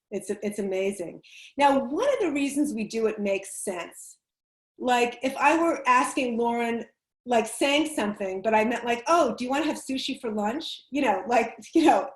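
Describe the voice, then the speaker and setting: A woman public speaking coach giving chatty, emphatic advice on a video call, laughing easily as she explains. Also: on the high side. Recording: roomy echo on a video call.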